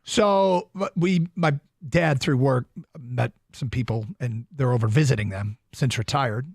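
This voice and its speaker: A man's voice: mid-range voice, measured pace, vocal fry, no room sound, clean studio sound. A man hosting a sports radio show, chatting casually and rattling off plugs with fillers. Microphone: studio microphone.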